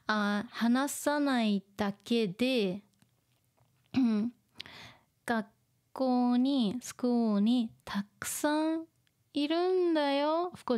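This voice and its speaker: A woman teaching vocabulary through a manga, explaining slowly, repeating words and laughing often. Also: fairly high pitch, a little mellow. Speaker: Japanese teacher. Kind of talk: manga reading lesson.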